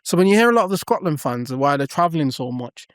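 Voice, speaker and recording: A man from England, co-hosting a podcast in casual chat, talking with quick restarts and frequent laughs. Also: fairly high pitch, big pitch swings. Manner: chatty, laughs often, many restarts. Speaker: podcast co-host.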